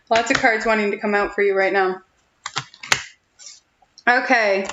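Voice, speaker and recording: A woman's voice: medium pitch, unhurried, roomy sound, dull audio, background noise. A young woman giving a chatty, reassuring tarot reading on a live stream, giggling often between thoughts. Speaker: tarot reader.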